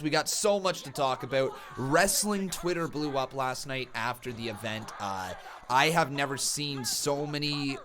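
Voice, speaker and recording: A man hosting a wrestling live stream, giving excitable, ranting reactions and talking straight to his chat. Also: mid-range voice.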